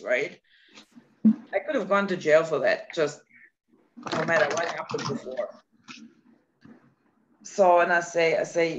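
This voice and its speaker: A woman chatting casually, telling a story with lots of laughter and lively acted-out quotes. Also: lowish voice. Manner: animated storytelling, laughs often. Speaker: guest. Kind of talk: casual chat. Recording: dull lo-fi sound, faint noise.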